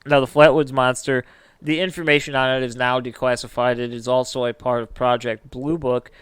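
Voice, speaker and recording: A man hosting a casual podcast, telling a story in an animated way with drawn-out emphasis. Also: mid-range voice, smooth, no echo. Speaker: podcast host.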